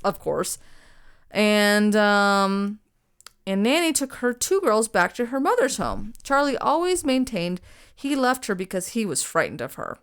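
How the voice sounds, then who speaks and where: A woman's voice: mid-range voice, very animated, a little slow, a bit bright, clean tone. A young woman co-hosting a podcast, casually retelling a true crime story with lots of ums, restarts and swearing. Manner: rambling, swears freely, frequent ums and restarts.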